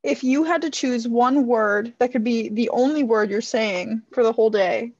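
A young American woman co-hosting a casual chat, playful with deadpan asides. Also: on the high side, moderate pace, no room sound. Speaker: podcast co-host. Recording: slightly dull lo-fi mic.

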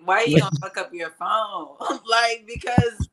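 A man's voice: high-pitched, a little slow, over a noisy crowd, poor audio. A man on a podcast panel, chatting casually with slangy, laughing asides. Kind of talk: casual chat.

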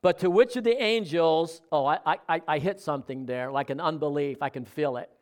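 A man's voice: fairly high pitch, brisk. A man preaching a sermon in a conversational way, often asking the congregation questions. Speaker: pastor.

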